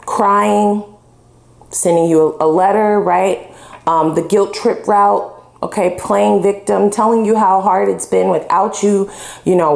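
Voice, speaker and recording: Chatty, foul-mouthed woman reading tarot; fry in the voice, recorded in an echoey room. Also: medium pitch, darkish tone. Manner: blunt, profane, chatty. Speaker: tarot reader. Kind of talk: casual tarot love reading. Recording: roomy echo.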